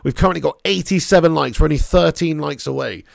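A man live-streaming a football video game, chatting casually with viewers, reading out their messages, swearing and bursting into excited cheers. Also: a little high, quick pace, creaky, dry recording, studio quality. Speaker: gaming streamer.

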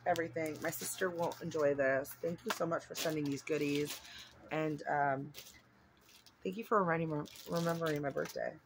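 A woman talks through an unboxing at home in a loose, rambling way, gushing and full of fillers. Her voice has a gravelly, creaky edge. There is a faint hiss of noise behind her. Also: low-pitched, fairly even intonation, normal speed. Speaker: vlogger. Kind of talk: casual unboxing chat.

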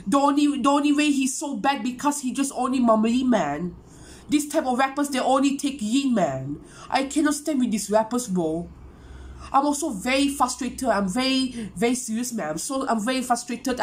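A woman hosting a music reaction video, ranting casually and tagging phrases with "man" or "bro". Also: fairly high pitch.

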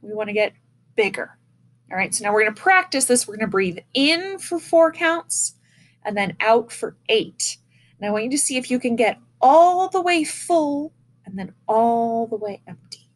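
A woman's voice: a little high, lively intonation, normal speed. Encouraging woman teaching breathing. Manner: patient and encouraging, demonstrating breaths aloud. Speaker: elementary music teacher. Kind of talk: recorded online lesson for children. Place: indoors, seated in a chair. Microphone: camera in front of her.

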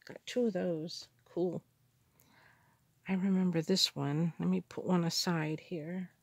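A woman in a casual craft haul video, gushing with excited gasps and exclamations over the supplies she unpacks. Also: on the low side, a little slow, creaky, husky, no room sound. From Canada. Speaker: crafter unboxing mail.

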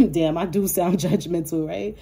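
Low-voiced, profane woman reading tarot. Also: steady tone, a little slow, creaky, warm tone. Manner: profane, laughing, playful hype-talk. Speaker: tarot reader. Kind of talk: casual tarot reading monologue.

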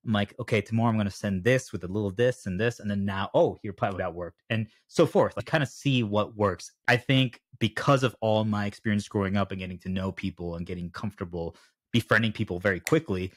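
Young guy hosting a podcast, lowish voice, dry close sound, rambles and acts out quotes. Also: a little fast, dry recording. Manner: talkative, rambling questions with acted-out quotes. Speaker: podcast host. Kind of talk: conversational interview.

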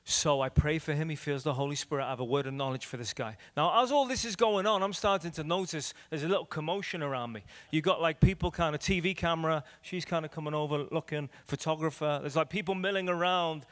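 Irish male evangelist, higher-set voice, lively repetitive preaching, reverberant church hall. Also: fast talker, few pauses. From Ireland. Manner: animated, repetitive preaching with big swings in loudness. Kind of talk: evangelistic teaching talk with storytelling.

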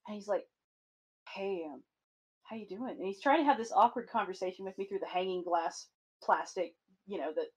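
Woman, husky voice, podcast host, casual swearing storyteller. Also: mid-range voice, quick pace, poor audio. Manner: animated storytelling with profanity.

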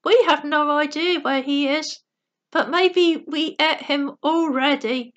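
A woman's voice: sits high, slow pace, a bit bright, muffled recording. A woman reading a cruel hyena's lines in a mocking, taunting way.

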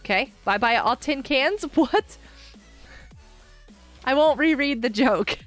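Giggly high-voiced woman streamer. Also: animated, takes it slowly, fairly bright tone, faint music behind. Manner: giggly, chatty, reading chat aloud. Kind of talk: live game stream chat.

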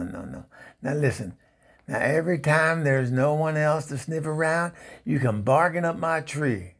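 A man playing a gravelly sassy divorcée. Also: fairly high pitch, heavily acted. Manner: exasperated, sassy put-downs, flustered stammering. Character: sassy Southern divorced woman, much-married, sharp-tongued. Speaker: comedy show regular. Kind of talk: comedic phone-call monologue.

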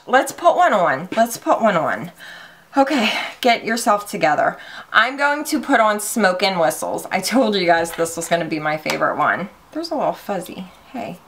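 Woman, beauty vlogger, casual makeup review, excitable, gushing, mid-pitched. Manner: gushing, excitable, swears lightly.

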